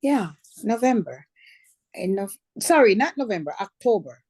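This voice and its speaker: A woman's voice: fairly low pitch, normal speed, warm tone, no room sound. A middle-aged woman, a cancer survivor, telling her personal story in a chatty way and stopping to correct herself. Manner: conversational, backtracks and corrects herself.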